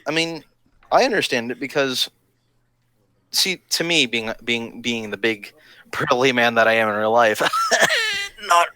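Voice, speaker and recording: Bright-voiced young man chatting casually. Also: mid-range voice, wildly swooping pitch, clean tone, no room sound. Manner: rambling, jokey, tosses in quick silly voices. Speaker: LARP podcast co-host. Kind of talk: casual chat.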